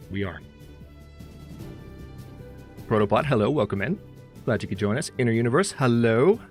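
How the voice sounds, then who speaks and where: A man hosting a livestream, chatting casually and rambling as he greets viewers by name, speaking into a close mic. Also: on the low side. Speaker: streamer host. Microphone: close studio mic. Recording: faint music behind.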